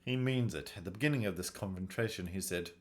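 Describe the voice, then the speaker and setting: A man hosting a let's play, musing aloud and reading game text in a low-key way. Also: fast talker. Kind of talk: casual game playthrough commentary.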